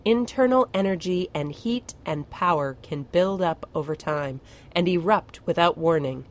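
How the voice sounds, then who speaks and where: A woman narrating a fantasy storybook with a low, grounded voice. She reads in an expressive yet measured way, steady and clear. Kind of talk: audiobook narration.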